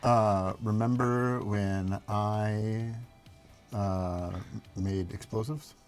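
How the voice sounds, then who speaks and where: Man in his thirties, low voice, laid-back livestream storytelling, faint music. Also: fairly even intonation, very slow, a little mellow. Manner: laid-back, chuckles while telling stories. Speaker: livestream host.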